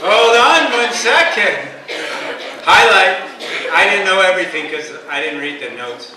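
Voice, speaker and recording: A man's voice: sits high, animated, a little slow. A man of fifty, emceeing a club banquet with a rambling, crude, jokey comic speech. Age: 50s. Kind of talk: comic after-dinner speech. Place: large banquet hall. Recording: echoey hall, distant mic, loud crowd.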